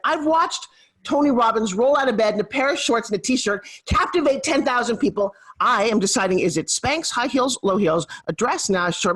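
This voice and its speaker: A woman in her fifties, a motivational speaker, telling stories in an animated, emphatic way as an interview guest. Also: on the high side. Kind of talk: interview storytelling.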